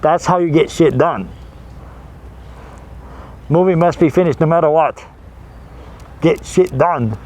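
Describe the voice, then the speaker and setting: A man's voice: fairly high pitch, takes it slowly, long pauses, a little mellow. A man hosting a horror movie show, talking casually and rambling, laughing easily and trailing off. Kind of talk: casual chat.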